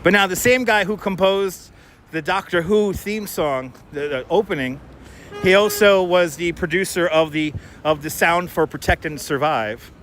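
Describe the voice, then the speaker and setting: A man's voice: sits high, normal speed, a bit bright, slight background noise. Rambling man live-streaming on a city walk. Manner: chatty, rambling, reads viewer comments aloud. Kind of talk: casual live-stream chat while walking. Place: outdoors on city streets. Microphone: wireless clip-on mic.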